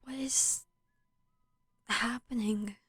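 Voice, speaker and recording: A young woman with a high-leaning, fairly even, slightly bright and rough voice talks extremely slowly while streaming a video game. She chats casually and scatteredly, retelling a film between plays with plenty of likes and ums and swearing at the game.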